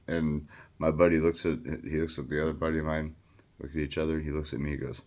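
Addressing the listener directly, a man in his fifties recounts his past in a casual monologue, wandering, cursing freely, and filling gaps with "you know" and "uh." His very low, deep voice is monotone with a darkish tone.

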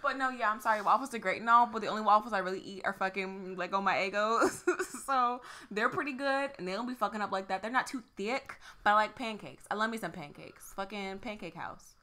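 A woman co-hosting a casual podcast chat, exclaiming and swearing freely, quick to get worked up. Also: medium pitch, bright, forceful tone. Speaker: podcast co-host.

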